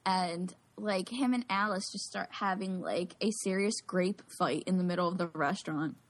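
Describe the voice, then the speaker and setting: A woman's voice: fairly low pitch, moderate pace. A woman telling a story in casual chat, rambling and peppering her talk with "like". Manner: rambling, heavy use of "like", chatty.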